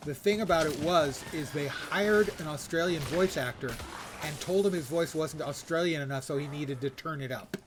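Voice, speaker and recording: An American man from the United States streams a game and chats casually, wandering into asides and often correcting himself. His voice is a little high and moves at a moderate pace, with a noisy background behind him.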